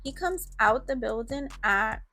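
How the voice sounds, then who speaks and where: Brief: woman reading impatient teen girl gossiping, blunt, slow, gravelly. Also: a little high, animated, sharp tone, faint music behind, heavily acted.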